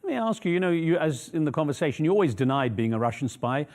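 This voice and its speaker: A man interviewing a guest on a news program, asking probing, measured questions. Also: a little high, very animated, darkish tone.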